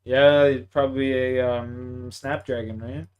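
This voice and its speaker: A man's voice: medium pitch, flat delivery, slow pace, clean tone, highs cut off. A young man from Canada with a Canadian accent, chatting casually in a laid-back, profane, slangy way. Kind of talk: casual chat.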